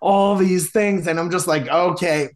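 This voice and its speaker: A man's voice: on the high side, unhurried. A man, a podcast guest, telling a long dating story in a casual, rambling way with many fillers and restarts.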